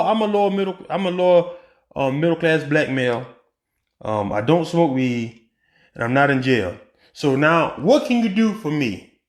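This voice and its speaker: A man's voice: high voice, reverberant. A man giving a casual opinion monologue on a political commentary podcast, asking rhetorical questions and often restarting his sentences with ums.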